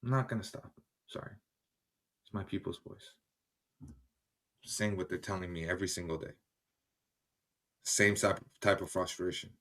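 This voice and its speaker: A man's voice: low-pitched, normal speed, pauses often, a bit bright. Male streamer, angry chat replies, blunt and profane, talking from his kitchen. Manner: heated, swearing, switches between English and German. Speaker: livestream host. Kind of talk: casual livestream commentary reading chat. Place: home kitchen.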